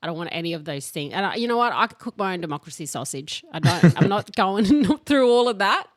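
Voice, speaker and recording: A woman's voice: mid-range voice, very animated, a little fast, no room sound. A young woman co-hosting a podcast in a chatty, playful way. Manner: chatty, playful, laughs often. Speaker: podcast co-host. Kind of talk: casual chat.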